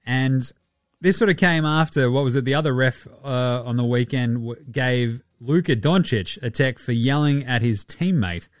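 A man's voice: mid-range voice, moderate pace, dry recording, clean studio sound. A man with an Australian accent hosting a casual, rambling chat with lots of swearing and chuckling asides. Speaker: podcast host.

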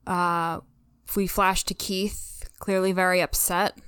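Woman podcast co-host, smooth resonant voice, dry close sound, earnest emotional recap. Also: on the low side, little pitch movement, slow pace, a bit bright, dry recording. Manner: earnest, emotional, retells scenes with quoted lines. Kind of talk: casual recap chat.

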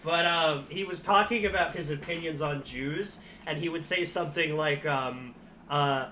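A man's voice: fairly high pitch, normal speed, bright, forceful tone, slight background noise. A man co-hosting a casual comedy podcast, joking and swearing with mock solemnity. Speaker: podcast co-host.

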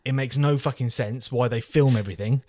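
A man's voice: medium pitch, fairly quick, a little mellow, no echo, studio quality. A man ranting and swearing freely while reviewing a film on a casual podcast. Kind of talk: casual chat.

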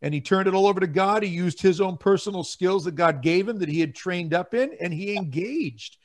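A man's voice: high-pitched, fairly quick. A man speaking as a guest on a Catholic talk show, earnest and preacherly, sometimes repeating his words. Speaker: guest, Catholic ministry leader. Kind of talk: casual talk show discussion.

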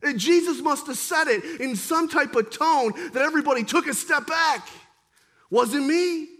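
A man preaching a sermon as pastor, swinging between forceful emphasis and quiet intensity. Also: very high voice, moderate pace.

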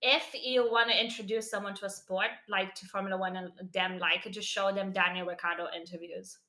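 A woman's voice: mid-range voice, steady tone, fairly quick, sharp tone. A woman co-hosting a casual podcast chat, explaining at length with many fillers and easy laughs. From non-English name, living in London. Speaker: podcast co-host.

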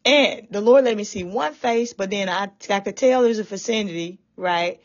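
Recorded with dull, lo-fi sound, this testifying believer describes a dream with fervor, frequent tears and a lot of repetition. Her voice sits in the mid-range at a normal speed.

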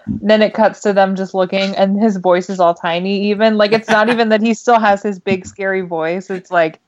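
A woman with a middle-pitched voice chats as a co-host, giggling and retelling scenes with animation. Her voice comes through a muffled, lo-fi recording. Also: steady tone, moderate pace. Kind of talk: casual fan chat.

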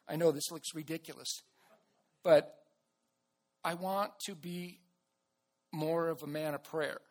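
A man preaching a sermon to his church in an earnest way, with restarts and bursts of loud emphasis. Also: high-pitched. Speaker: pastor.

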